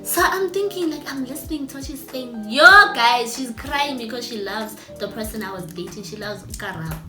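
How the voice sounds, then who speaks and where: A young woman tells a story in an animated, chatty way, often turning to her audience directly. Her voice sits high. The room is echoey, and soft music plays underneath. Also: normal speed. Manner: animated, chatty, talks straight to viewers. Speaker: vlogger. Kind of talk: casual storytime.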